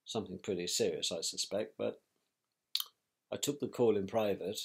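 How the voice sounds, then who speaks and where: Middle-aged man, fairly low voice, measured pace, reflective, pauses and self-corrections. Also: creaky, husky. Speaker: interviewee, victim's brother. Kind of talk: personal recollection.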